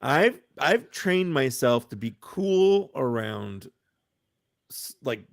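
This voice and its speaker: A man in a relaxed chat with a gravelly, creaky voice at middling pitch. He tells stories easily and trails off into laughter, heard up close on a dry mic. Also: slow, no echo. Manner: laid-back storyteller, trails off with laughs. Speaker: guest. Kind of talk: casual chat.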